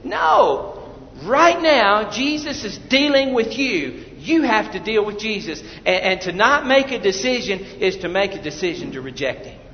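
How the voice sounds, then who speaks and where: Male pastor preaching hard then going quiet to pray, kinda high voice, muffled old recording in a big echoey church. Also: big pitch swings, unhurried, hardly any pauses. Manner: swings from loud urgent preaching to hushed prayer. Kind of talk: evangelistic sermon. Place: church sanctuary. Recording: dull echoey church hall recording with faint noise.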